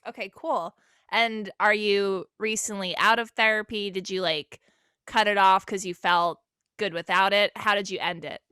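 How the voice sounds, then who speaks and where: A woman hosts a casual podcast chat, and her voice is bright and clear as it cuts through. She is playful, laughs easily, and keeps the questions coming. The recording is dry, as if made right at the mic. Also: mid-range voice, steady tone, normal speed, dry recording. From United States. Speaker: podcast host.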